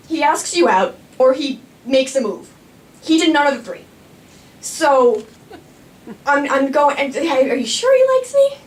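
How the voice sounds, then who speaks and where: A young woman telling a true personal story on stage in a chatty, self-mocking way. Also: high-pitched. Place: small performing arts studio stage. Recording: echoey room from far off.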